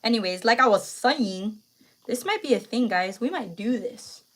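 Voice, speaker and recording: A young woman chatting on a live stream. Her voice is bright and forward, and her words come loose, with lots of fillers and slang. She sounds emotional, like she is close to tears. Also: a little high, lively intonation, moderate pace. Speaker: livestream host. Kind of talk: casual live stream chat.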